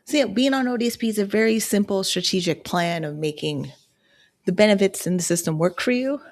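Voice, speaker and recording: Woman livestream host, out of breath, gravelly fry, casual chatty questions. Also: medium pitch, lively intonation, a little fast. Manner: chatty, asks direct questions.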